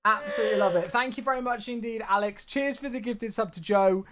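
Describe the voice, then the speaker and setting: A man's voice: high-pitched, a little fast, noisy background. A man casually chatting on a live stream, thanking viewers by name and calling them "mate". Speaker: flight sim streamer.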